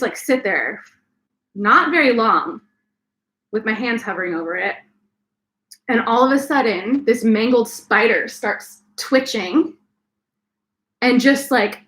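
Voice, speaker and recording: A young woman with a bright, ringing voice, pitched a little high, telling a personal story. She talks in a lively, chatty way. The sound is echoey, as if recorded in a bare room. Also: takes it slowly, pauses often. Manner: animated, breaks into laughs and shrieks while retelling. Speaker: co-host of a live stream. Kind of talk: casual storytelling chat.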